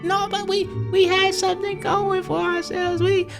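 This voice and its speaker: A man voicing a clingy elderly woman from a nursing home. He speaks in a high, pleading, slangy voice. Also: level tone, normal speed, gravelly, over music.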